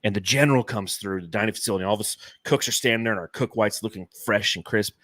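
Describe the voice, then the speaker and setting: A man's voice: lowish voice, fast, a bit bright, no room sound. A man in his forties from Phoenix, co-hosting a casual sports podcast and telling rambling, profane stories full of fillers. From Phoenix, Arizona, US. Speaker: podcast co-host.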